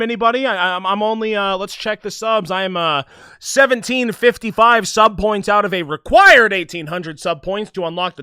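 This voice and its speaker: A man streaming a video game, commenting and reading along in an excitable, jokey way. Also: high-pitched, smooth, no echo, clean studio sound. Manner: excitable, jokey, trails into mumbles. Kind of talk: gameplay commentary and reading aloud.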